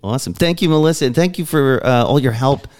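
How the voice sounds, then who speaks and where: A man's voice: mid-range voice, fast, darkish tone. A man co-hosting a podcast, chatty and laughing easily. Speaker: podcast co-host. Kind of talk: casual chat.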